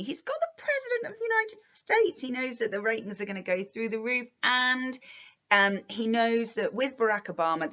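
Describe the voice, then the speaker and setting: A woman's voice: medium pitch, a bit bright, lo-fi sound. A British woman teaching an English lesson, chatty, with lots of fillers, analysing a text for revision.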